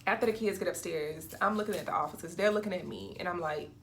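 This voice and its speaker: A woman's voice: lowish voice, fast talker, a bit bright, slight background noise. A young woman vlogger telling a casual storytime, acting out quotes and laughing often.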